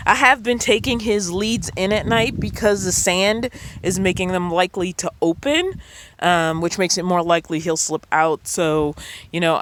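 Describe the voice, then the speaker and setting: A woman's voice: on the low side, a little hiss or hum. A woman vlogging from her van campsite in casual, rambling chat with frequent ums. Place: outdoor desert campsite beside a van.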